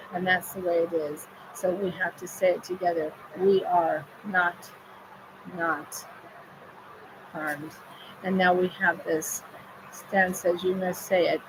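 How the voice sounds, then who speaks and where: Low, flat-voiced woman medium. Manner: repetitive, chant-like phrasing. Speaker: spirit medium relaying messages. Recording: steady background noise.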